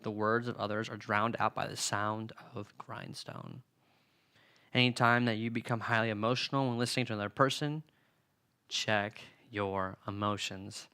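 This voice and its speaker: A man's voice: lowish voice, bright, forceful tone, clear, resonant tone. A young man preaching in a casual, earnest way who often acts out the lines of everyday arguments. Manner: earnest, conversational, acts out quoted dialogue. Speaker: youth preacher. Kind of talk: sermon-style teaching on a book.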